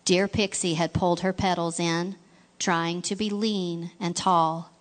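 A woman narrating a storybook in a gentle, expressive reading voice, now and then asking the listener questions. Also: fairly low pitch, a little slow.

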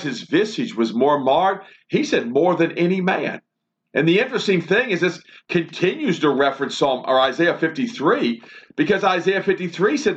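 A man's voice: fairly high pitch, fairly bright tone, lo-fi sound. A man giving a Bible teaching sermon for a broadcast, fervent and rhythmic, with repeated phrases. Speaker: preacher.

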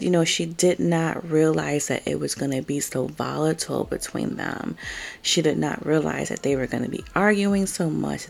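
Her voice sits low, gravelly and a touch mellow as she gives a chatty, opinionated reality-show recap. She peppers it with "like," "bruh" and other fillers, jumping into emphatic outbursts whenever she gets worked up.

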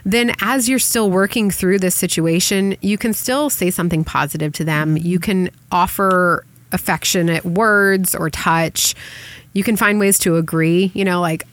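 A middle-aged woman hosting a casual parenting chat, chatty and practical with quick asides. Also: lowish voice, steady tone. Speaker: podcast host.

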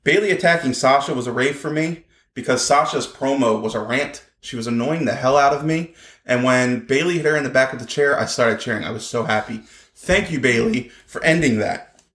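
An animated man co-hosting a casual podcast, his voice sitting at a middle pitch. He talks in a lively way and jumps into quoted lines with raised voices, and the room around him rings a little. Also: moderate pace, roomy sound. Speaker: podcast co-host.

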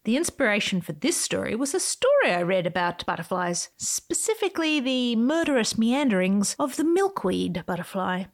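A woman hosting her own podcast, reading a playful, whimsical script with sudden swoops in pitch. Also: very animated, moderate pace, few pauses. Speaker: podcast host.

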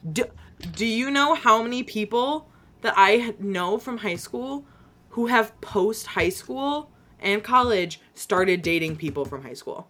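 A woman's voice: mid-range voice, lively intonation, a little slow, fairly bright tone. A young woman from Michigan co-hosting a casual book chat, rambling and often restarting her sentences.

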